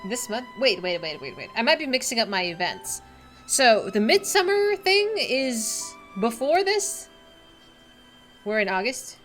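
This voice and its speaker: A woman streaming a game, chatting casually in an excitable, emotional way. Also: on the high side, measured pace, soft background music. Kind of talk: casual gameplay chat.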